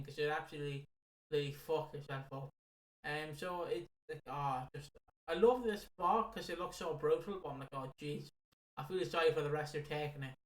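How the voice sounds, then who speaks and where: A man co-hosting a podcast, chatting about wrestling in a halting, sweary way with many restarts. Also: on the high side, fairly bright tone. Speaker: podcast co-host. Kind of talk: casual wrestling review chat. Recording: echoey room.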